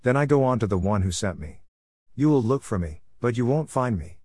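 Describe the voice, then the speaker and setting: A man's voice: mid-range voice, animated, fairly quick, darkish tone, slightly rough, no room sound, studio quality, voice pushed up. A man voicing Jesus as a male teacher speaking earnestly to a crowd. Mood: declaring.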